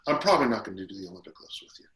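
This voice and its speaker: A man who is a strength coach, guest on a podcast interview, telling stories in a lively, casual way and acting out the people he quotes. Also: lowish voice, rapid-fire. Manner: animated storyteller who acts out quotes. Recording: roomy echo.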